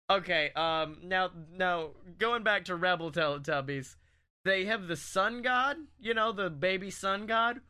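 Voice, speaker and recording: Guy from alabama cohosting a podcast, high bright voice, swears a lot, cracks himself up. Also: a little slow, clean tone. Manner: crude, profane and laughs often. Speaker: podcast co-host. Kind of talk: casual comedy podcast banter.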